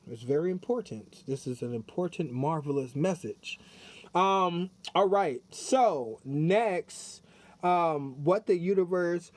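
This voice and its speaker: A man's voice: sits high, darkish tone. A man doing a casual spiritual tarot card reading, chatty and repetitive, talking straight to his viewers. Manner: chatty, repeats himself, talks straight to viewers. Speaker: tarot reader.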